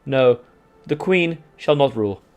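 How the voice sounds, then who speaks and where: A man's voice: mid-range voice, animated, measured pace, darkish tone, soft background music, close to an everyday voice. A man briefly putting on a haughty voice for a prim elderly queen mother who refuses to rule.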